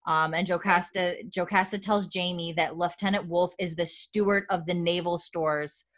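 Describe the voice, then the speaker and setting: A woman rambles through a casual episode recap, full of likes and ums. Her voice is on the low side. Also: fairly even intonation, moderate pace, fairly bright tone. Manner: rambling, many fillers, quotes characters.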